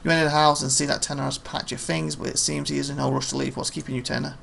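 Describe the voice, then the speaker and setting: A man playing a story game, reading its text aloud plainly with quick offhand comments. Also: on the high side, level tone, gravelly, fairly bright tone, a little hiss or hum. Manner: reads narration plainly, quick offhand asides. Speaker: let's play host.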